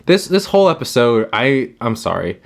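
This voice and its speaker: A man's voice: mid-range voice, sing-song, moderate pace, creaky. A young man co-hosting a podcast, chatting casually with a playful, jokey, rambling manner. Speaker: podcast co-host. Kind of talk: casual chat.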